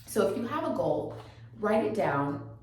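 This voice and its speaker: A woman's voice: mid-range voice, sing-song, measured pace, darkish tone, a little hiss or hum. A woman giving a motivational teaching talk, encouraging and full of rhetorical questions, often checking in with "okay?". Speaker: motivational coach. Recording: very echoey room, distant mic.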